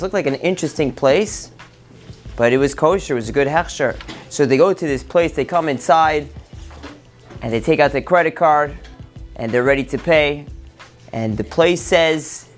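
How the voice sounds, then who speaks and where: A man's voice: fairly high pitch, moderate pace, faint music behind. A man, a rabbi hosting a podcast, tells a parable, jumping into his characters' lines as he narrates. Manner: animated storyteller, acting out characters' lines. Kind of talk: storytelling a parable.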